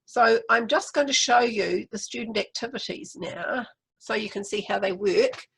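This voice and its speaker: A woman's voice: a little high, normal speed, vocal fry, a bit bright, breathy edge, rough recording. A woman with a New Zealand accent presenting a literacy webinar, explaining classroom activities step by step.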